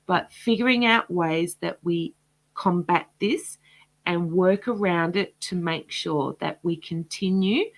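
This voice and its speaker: A woman hosting a livestream, speaking casually and passionately in a rambling way, her voice going hoarse. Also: lowish voice, takes it slowly. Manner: impassioned, rambling. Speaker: host of a livestream.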